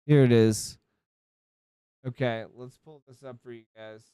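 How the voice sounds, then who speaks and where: A man's voice: medium pitch, fairly even intonation, measured pace, warm tone, clean tone, dry recording. Rambling, foul-mouthed man streaming from home. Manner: rambling, profane, self-interrupting. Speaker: livestreamer. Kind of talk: casual stream chat.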